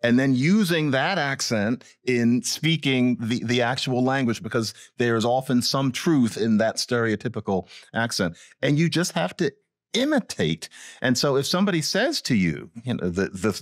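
A man speaking as a linguist guest in a podcast interview, explaining in an animated way with big pitch swings. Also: moderate pace, no room sound, clean studio sound.

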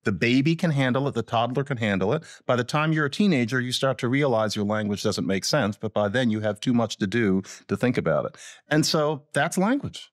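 A man speaking as a linguist guest in a podcast interview, explaining in an animated way with big pitch swings. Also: a little fast, dry recording, studio quality.

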